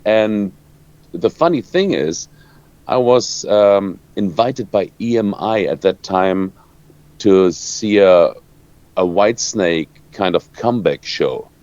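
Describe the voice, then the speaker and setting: German-accented man, halting and low. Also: expressive, darkish tone, dry recording. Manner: halting, searching for words, many restarts. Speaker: rock guitarist. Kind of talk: interview answers. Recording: dull lo-fi dry sound.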